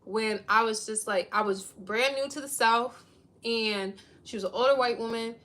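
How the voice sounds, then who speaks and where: A woman hosting a live stream, telling a story in a casual rant, blunt and profane with animated retelling. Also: fairly high pitch, normal speed. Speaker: livestream host.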